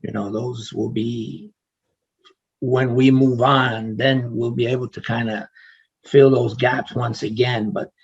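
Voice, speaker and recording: A man interviewing a guest over a video call, asking long rambling questions in a gentle, hesitant way. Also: medium pitch, little pitch movement, slow pace, husky, dull audio.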